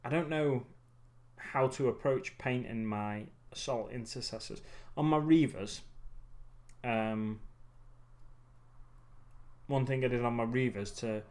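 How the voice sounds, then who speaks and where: A man in a mid-pitched, ordinary voice chats casually as he works on models. He rambles and muses aloud, trailing off and correcting himself, and sounds a bit tired. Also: slow pace, long pauses, darkish tone. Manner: rambling and musing, many ums and self-corrections. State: getting tired. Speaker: hobby livestream host. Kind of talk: casual chat while building miniatures.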